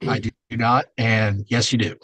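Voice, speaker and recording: A man's voice: lowish voice, level tone, a little slow, fairly bright tone, slightly rough, no echo. Polite man on a dry-sounding line. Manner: polite, brief, says sir. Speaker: applicant testifying remotely.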